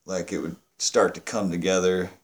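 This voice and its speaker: A man co-hosting a casual podcast chat, slow and easygoing. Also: low voice, flat delivery. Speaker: podcast co-host.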